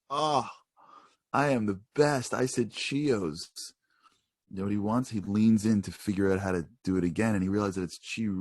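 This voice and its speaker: A man with a husky, slightly breathy voice preaches in an animated, conversational way, telling stories to his congregation. His voice sits at a middle pitch, and the recording is close and dry. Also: no echo. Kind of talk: sermon.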